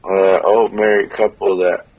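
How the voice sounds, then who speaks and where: A man with a low, husky voice speaks slowly and hesitantly on a podcast, pausing as he reaches for his thoughts. He also reads passages aloud at the same unhurried pace. The recording sounds dull and lo-fi. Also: little pitch movement. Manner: hesitant, halting, unsure. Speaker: podcast co-host. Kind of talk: casual chat and reading aloud.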